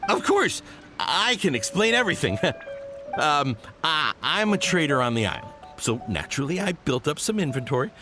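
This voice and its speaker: A jittery trader in a video game, fairly high and swooping, stammering and laughing nervously as he talks his way out of trouble. Music plays clearly behind him. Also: sing-song, a little fast. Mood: flustered. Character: nervous male island trader, evasive and flustered.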